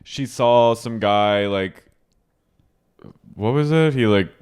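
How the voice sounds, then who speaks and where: A man's voice: mid-range voice, slow, a little mellow, clear, resonant tone. A man co-hosting a podcast, chatting casually and recapping a show with lots of fillers and quoted lines. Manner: chatty, with frequent fillers and quoting. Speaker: podcast co-host.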